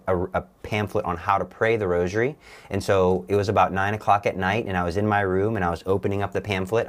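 A young man, a guest on a talk show, giving an earnest, halting personal testimony with many restarts. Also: deep voice.

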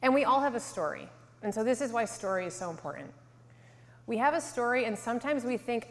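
A woman in her thirties from Connecticut telling her faith story to a live audience, earnest, sometimes dropping to a soft hush. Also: on the high side, animated, fairly quick. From Connecticut, USA. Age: 30s. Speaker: speaker giving a testimony. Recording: hall reverb.

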